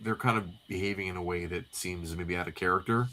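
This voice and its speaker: Rambling, lower-voiced man recapping comics. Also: steady tone, a little fast, pushed and bright, a little hiss or hum. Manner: rambling recap with many fillers. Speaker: co-host. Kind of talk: casual comic read-through chat.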